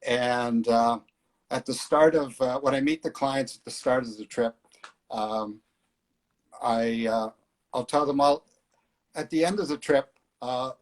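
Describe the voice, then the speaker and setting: A man's voice: mid-range voice, measured pace, long pauses. A middle-aged man organizing flying tours, chatting casually in an interview with many fillers. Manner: relaxed storyteller, hesitant fillers.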